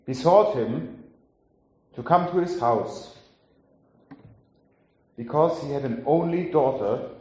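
A man preaching, reading scripture aloud and then giving a sermon in a slow, solemn way. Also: fairly high pitch, a little mellow. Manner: slow, solemn delivery with drawn-out phrases. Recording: very echoey hall.

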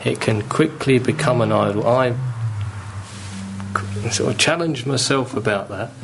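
A man's voice: medium pitch, measured pace, vocal fry, noisy background. A man preaching a sermon, earnest and pleading, building to fervent emphasis. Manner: earnest, pleading, rising with fervour.

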